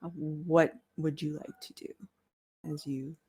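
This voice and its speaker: A woman narrating as dungeon master of a tabletop game, relaxed, with filler words and easy laughter. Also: deep voice, a little slow, slightly rough.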